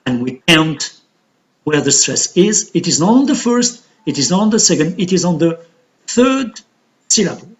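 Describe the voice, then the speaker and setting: A man teaching an English lesson on word stress, explaining slowly and counting syllables aloud. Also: fairly high pitch, sing-song. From Algeria.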